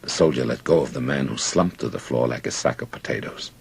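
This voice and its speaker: Very deep gravelly male narrator. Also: brisk, a little mellow. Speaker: audiobook narrator. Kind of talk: scripted first-person narration.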